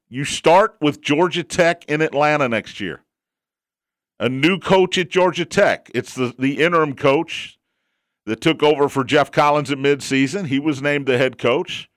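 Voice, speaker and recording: Sports radio host, male, somewhat high voice, dry close sound, opinionated and repetitive. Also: dry recording. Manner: chatty, opinionated, repeats points for emphasis. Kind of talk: sports talk commentary.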